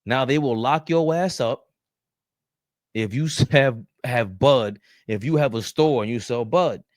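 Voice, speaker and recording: A man's voice: medium pitch, a little mellow, dry recording, clean studio sound. A man hosting a podcast, giving loose, digressive, joking commentary. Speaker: podcast host. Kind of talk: casual commentary.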